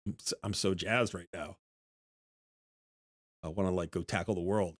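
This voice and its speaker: A man in his thirties streaming a game, telling a story excitedly, laughing often and mimicking hype chants. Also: deep voice, dry recording, studio quality. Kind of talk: casual live-stream chat.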